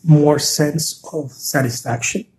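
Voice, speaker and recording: An artist hosting a live stream talks slowly in a fairly high, somewhat mellow voice with fairly even intonation and a little hiss or hum. He's chatty and earnest, encouraging, and repeats himself while reading viewer comments in casual stream talk.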